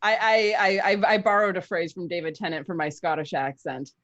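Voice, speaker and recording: A woman's voice: fairly low pitch, fairly even intonation, a little fast, fairly bright tone, muffled recording. A woman who works as a voice actor, chatting enthusiastically at a gaming table with a few stammered starts. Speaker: professional voice actor, player. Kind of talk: casual chat at a gaming table.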